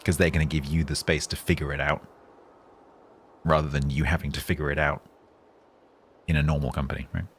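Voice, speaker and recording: A man chatting calmly on a game livestream, rambling with fillers and restarts. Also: rumbling low, a little fast, long pauses, slight background noise. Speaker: game streamer. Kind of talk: casual livestream chat.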